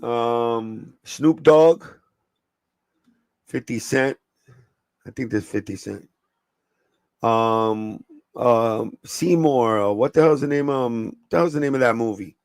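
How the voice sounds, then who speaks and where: A man's voice: mid-range voice, slow, long pauses, clean tone, no room sound, low-quality recording. Laid-back slangy man on a livestream. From New York. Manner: slangy, profane, easygoing and laughing. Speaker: sneaker livestream host. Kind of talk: casual livestream chat.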